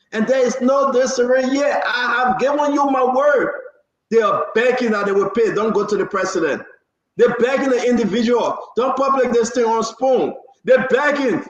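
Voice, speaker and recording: A man's voice: very high voice, reverberant, rough recording. A man hosting a heated political talk show, passionate and raising his voice. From Liberia. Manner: passionate, raises voice, repeats himself.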